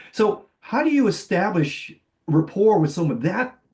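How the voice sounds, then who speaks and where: Man telling lively anecdotes on a panel. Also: high-pitched, takes it slowly. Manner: animated anecdotes, acts out quoted voices. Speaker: panelist, tech executive. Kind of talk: conference panel storytelling.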